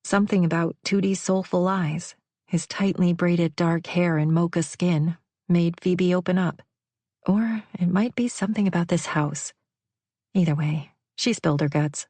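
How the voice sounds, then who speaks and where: A woman narrating a novel in a measured, even way on a close studio mic. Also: lowish voice, no room sound. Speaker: audiobook narrator. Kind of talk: scripted narration.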